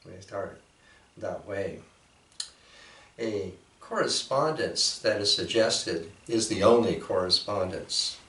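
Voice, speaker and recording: A man giving a reflective, unhurried talk, with measured pauses and frequent fillers. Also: fairly low pitch, sharp tone. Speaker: speaker presenting a painting. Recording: roomy echo from a distant mic.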